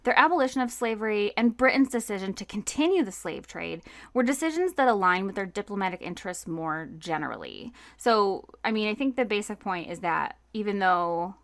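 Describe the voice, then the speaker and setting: A woman's voice: mid-range voice, very animated, a little fast, vocal fry, dry recording. Woman podcast host going through history notes, chatty, um-ing a lot, dry close mic. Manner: casual, reads notes then riffs with fillers. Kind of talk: conversational history podcast narration.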